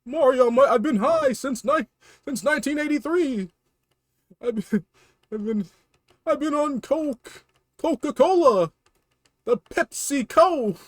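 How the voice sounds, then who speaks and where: A man on a game stream voicing a needy, tearful adult male plumber brother in a weird, shaky, high voice that breaks into sobs. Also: lively intonation, slow pace, pauses often, no room sound, clean studio sound, full character voice. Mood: wailing. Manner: wailing, pleading, cracking into sobs. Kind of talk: comedic character voice on a game stream.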